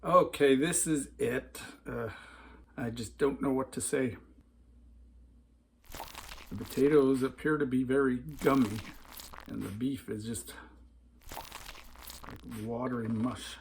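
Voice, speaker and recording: Blunt male food reviewer from North America, mid-pitched, casual kitchen review, faint noise behind. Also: slow pace, creaky, pauses often. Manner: blunt, openly disgusted commentary.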